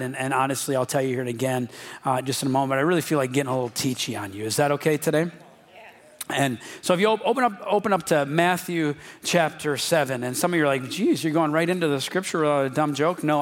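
A man preaching a sermon as a pastor, informal and joking, speaking straight to his congregation. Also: mid-range voice.

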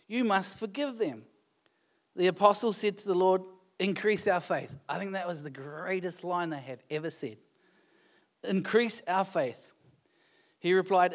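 Nz guy preaching in church, chatty and jokey, gets fired up. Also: high-pitched. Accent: New Zealand. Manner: conversational preaching with humor, rising to animated emphasis. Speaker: pastor. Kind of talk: sermon.

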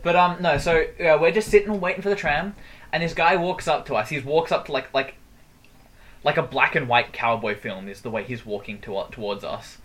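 A man's voice: on the high side, normal speed, fairly bright tone. A young man hosting a podcast, telling a story in a rambling, profane and jokey way. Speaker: podcast host. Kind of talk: casual storytelling chat.

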